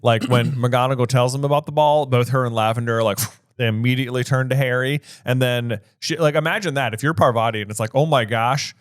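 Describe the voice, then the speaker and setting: A man's voice: mid-range voice, fairly even intonation, fairly quick, hardly any pauses, clear, resonant tone, no room sound, studio quality. A man co-hosting a podcast in casual chat, riffing playfully and using many fillers. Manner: playful, riffs on jokes, speaks with many fillers. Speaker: podcast co-host.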